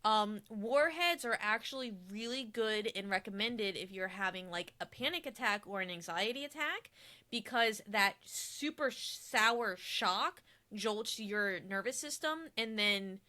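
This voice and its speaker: A woman's voice: medium pitch, expressive, unhurried, sharp tone. A woman co-hosting a podcast, chatty and earnest in casual talk. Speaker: podcast co-host.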